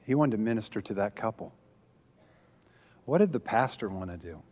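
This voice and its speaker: Pastor telling stories in a hall. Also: male voice, lowish voice, lively intonation, normal speed, a little mellow. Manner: storytelling with self-deprecating humor and frequent fillers. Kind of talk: humorous teaching talk.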